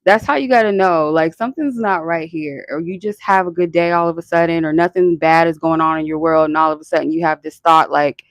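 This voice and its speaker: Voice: mid-range voice, steady tone, brisk, hardly any pauses, no room sound. Profane, rambling vlogger with a dry sound. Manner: frequent filler "like" and laughter. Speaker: spiritual channel host. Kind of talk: casual chat.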